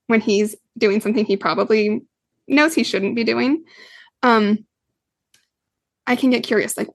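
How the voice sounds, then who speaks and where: A woman's voice: mid-range voice, normal speed, dry recording. A woman guest on a podcast interview who explains parenting earnestly, with frequent fillers. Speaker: guest expert, parenting coach.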